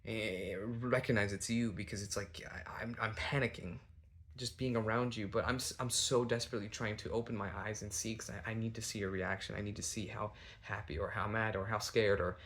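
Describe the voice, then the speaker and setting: A young man telling a rambling, anxious story about himself, swearing and loudly acting out his own lines. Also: lowish voice, steady tone, brisk. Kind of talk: casual storytime monologue.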